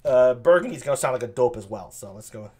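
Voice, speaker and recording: A man's voice: medium pitch, animated, fast talker, warm tone. An older man streaming, making casual, chatty asides between the lines of a play reading. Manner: chatty, offhand, fillers.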